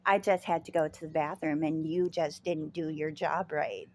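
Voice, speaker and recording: A woman's voice: sits low, steady tone, moderate pace, slight background noise. A woman vlogger telling a story about a rude sandwich-shop customer in casual chat, rambling with many fillers and restarts.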